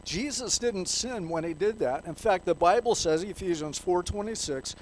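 A man's voice: high voice, expressive, normal speed, few pauses, slight background noise, rough recording. A man preaching a sermon in a church, reading scripture aloud and putting questions to the congregation. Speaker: pastor.

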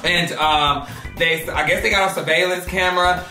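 A woman's voice: on the low side, fairly even intonation, moderate pace, bright, forceful tone. A woman hosting a gossip vlog, talking casually and bluntly, sassy and profane. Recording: echoey room, off-mic, music underneath.

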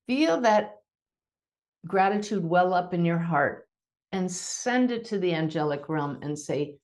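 Woman, low register, spiritual podcast host; calm, reassuring, measured delivery that eases down in tempo at times. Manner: gentle, reassuring.

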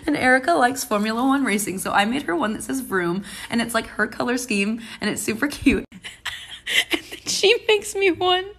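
A woman's voice: a little high, big pitch swings, fairly quick, hardly any pauses, a bit bright. A woman chatting casually in a video clip, upbeat and giggly.

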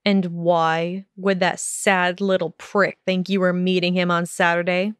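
A cold sneering teen wizard boy, talks low and harsh, slow and smooth, dry audiobook read by a woman. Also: little pitch movement, no room sound, lightly acted. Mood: contemptuous.

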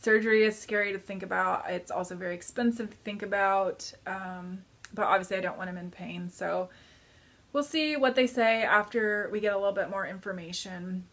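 A woman's voice: medium pitch, moderate pace, fairly bright tone. A woman in her thirties chatting casually to camera as a knitting vlogger, rambling and hesitant, with many fillers.

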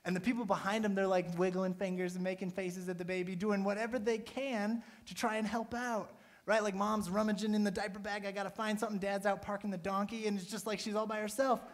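A man's voice: high voice, steady tone, a little fast. A man in his thirties, a pastor, giving a casual, chatty sermon to his church and often checking in with "right?". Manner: casual, chatty preaching with many "right?" tags.

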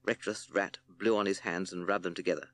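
A man narrating a children's storybook with expressive, playful storytelling. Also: low-pitched, brisk.

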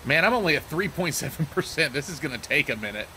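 A man hosting a let's play, excitable and joking as he talks to himself while playing. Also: fairly high pitch, quick pace, a little hiss or hum. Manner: excitable, joking, self-talking. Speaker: gaming channel host.

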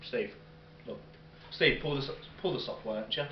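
A man's voice: mid-range voice, moderate pace. Young man doing a roomy mock-reporter bit. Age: young adult. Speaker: mock interviewer. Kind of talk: improvised comedy skit. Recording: roomy, distant, dull, with background hiss.

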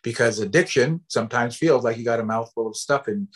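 In a mid-range voice, a man from the Pacific Northwest who works as a storyteller and educator lectures playfully, spinning stories with plenty of pauses and filler words.

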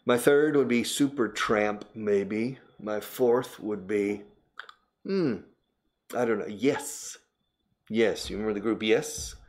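An older man gives a relaxed, chatty English lesson. His voice sits a little low, and he slips into Spanish to explain words. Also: slow. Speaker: English teacher and host. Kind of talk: casual spoken English lesson.

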